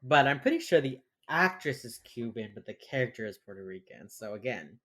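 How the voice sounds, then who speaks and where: A man's voice: medium pitch, sing-song, fairly quick, a bit bright. A man co-hosting a podcast, tipsy and ranting with heavy sarcasm and casual swearing while recapping a TV episode. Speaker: podcast co-host.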